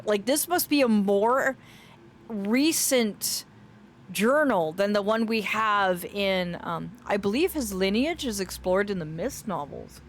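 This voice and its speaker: A woman streaming a game, chatting playfully with her viewers and reading in-game journals aloud in a soft storytelling voice. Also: mid-range voice, slight background noise. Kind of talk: gameplay commentary with a read-aloud journal.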